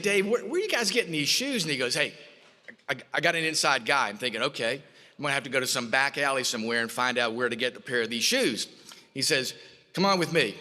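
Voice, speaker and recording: A man with a fairly high, bright, forceful voice tells folksy stories at an awards dinner. He acts out the quoted lines as he goes. His voice rings with long reverb through a hotel ballroom. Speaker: award presenter.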